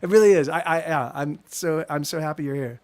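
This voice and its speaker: A man's voice: fairly high pitch, brisk, darkish tone. A man who streams music live, chatting to viewers in a rambling, self-interrupting way between songs he plays and sings. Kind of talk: live-stream chat and singing to guitar. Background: guitar.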